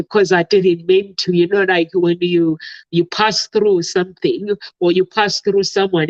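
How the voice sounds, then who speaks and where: A man's voice: high voice, no room sound. A man in a casual online talk show, rambling and restarting as he tells an anecdote. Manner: rambling, many restarts and fillers. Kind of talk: casual chat. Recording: dull, dry lo-fi audio.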